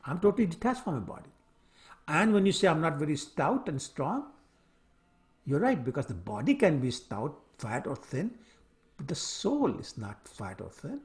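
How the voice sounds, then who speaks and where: A serene, detached sage, as a male storyteller acts him out, answering with patient explanation. The voice sits fairly high and moves with lively pitch. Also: normal speed. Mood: calm.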